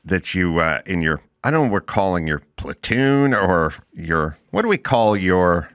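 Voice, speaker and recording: A man's voice: low-pitched, moderate pace, smooth. A middle-aged man hosting a talk show, telling stories casually and acting out quotes in mocking voices. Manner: animated storyteller who acts out quotes in mocking voices. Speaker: podcast host. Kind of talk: casual interview chat.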